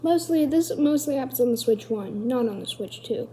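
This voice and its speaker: A woman's voice: on the high side, animated, normal speed, dark tone, slight background noise. A woman hosting a casual tech explainer video, rambling and correcting herself as she goes. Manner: rambling, self-correcting, chatty. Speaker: video host.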